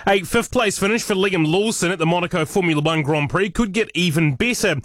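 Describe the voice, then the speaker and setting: Kiwi guy doing the sport news on radio, brisk read, dry close mic. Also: high voice, a bit bright, dry recording. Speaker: sports newsreader.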